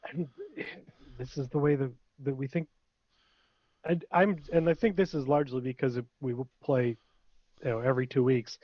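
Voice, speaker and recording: A man's voice: medium pitch, steady tone, normal speed, pauses often, no room sound. A man playing in a tabletop game, chatting casually with dry, wry humor. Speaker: player. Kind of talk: casual chat. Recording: dull, slightly lo-fi mic.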